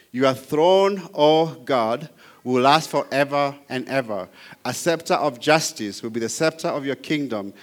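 Male Bible teacher, emphatic, reads verses aloud, mid-pitched voice. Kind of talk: apologetics teaching.

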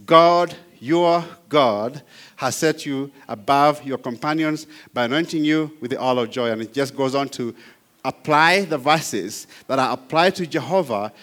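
A man's voice: mid-range voice, normal speed, a bit bright. A man teaching apologetics, reading scripture verses aloud and stressing key words with emphasis. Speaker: Bible teacher.

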